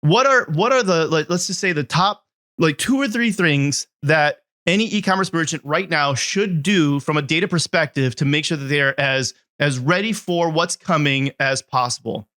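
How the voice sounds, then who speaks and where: A middle-aged man from Ohio, hosting a podcast in a chatty, animated way. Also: fairly high pitch, normal speed. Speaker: podcast host. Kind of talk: casual interview chat.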